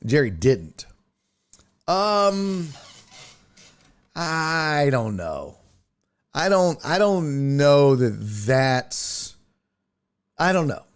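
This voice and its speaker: A man's voice: fairly high pitch, very animated, extremely slow, long pauses, smooth. A man hosting a streamed sports talk show, ranting bluntly and profanely with strong opinions. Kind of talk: casual sports rant, live stream.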